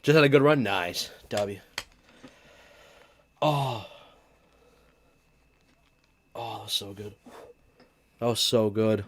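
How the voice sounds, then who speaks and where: A man's voice: lowish voice, takes it slowly, pauses often, slight background noise. A man giving casual live-stream commentary to his chat, laughing hard and swearing as he reacts to a clip, at a desk microphone in his home setup. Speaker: livestreamer.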